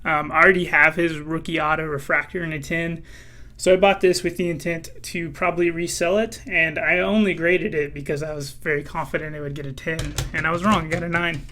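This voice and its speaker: A man talks casually to his channel viewers, his voice bright and a touch higher than most. He sounds a little hoarse and clears his throat now and then. He fills pauses with plenty of ums and uhs. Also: fairly even intonation. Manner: casual, many fillers. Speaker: card collecting channel host. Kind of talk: casual vlog commentary.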